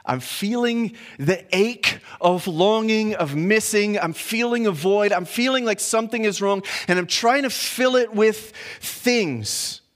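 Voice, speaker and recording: A man's voice: sits high, unhurried, hardly any pauses, fairly bright tone. A man preaching a conversational sermon that works through a passage verse by verse. He talks informally, doubles up on words as he thinks, and puts questions to his listeners.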